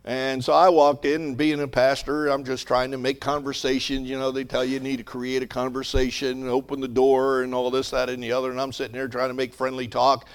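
A man's voice: medium pitch, completely flat delivery, fairly quick, hardly any pauses, clear, resonant tone. A male pastor preaching a sermon, moving between conversational storytelling and rising, emphatic exhortation.

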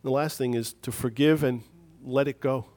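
A man's voice: medium pitch, steady tone, normal speed, a little mellow. A man preaching a sermon on forgiveness in a conversational, self-deprecating way, telling a story on himself.

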